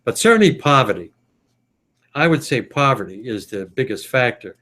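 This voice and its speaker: An American man chatting on a video call, his voice sitting in a middle pitch. He thinks aloud as he talks, with plenty of pauses and fillers along the way. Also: expressive, pushed and bright. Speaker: podcast host. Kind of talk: casual video call chat.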